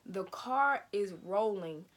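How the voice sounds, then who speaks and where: A woman's voice: medium pitch, lively intonation, takes it slowly. A young woman telling a personal story in a casual way, emotional and slangy, with lots of repetition. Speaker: vlogger, sister of the host. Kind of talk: casual storytelling with her sister.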